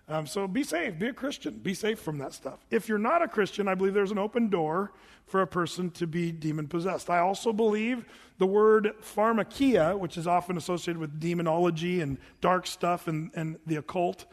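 High-voiced pastor preaching in a hall. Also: male voice. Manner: storytelling, animated, with asides and self-corrections. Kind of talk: sermon. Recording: long hall reverb.

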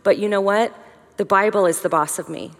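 A middle-aged woman giving a conversational, humorous teaching talk to a women's gathering, with lively emphasis and joking asides. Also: mid-range voice, a little fast, big-room sound. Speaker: women's conference speaker.

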